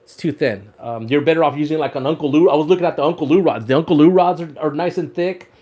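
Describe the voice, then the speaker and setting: A man with a slightly high voice hosts a fishing livestream. He chats casually while showing off his rod wraps, repeats words and laughs often. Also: quick pace, mellow.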